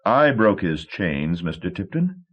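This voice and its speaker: Calm commanding gentleman, polite, measured, deep, read by a man, old tape. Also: full character voice. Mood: cool. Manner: polite, measured, quietly authoritative. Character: calm, commanding gentleman in white, courteous and cool. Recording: dull old cassette tape.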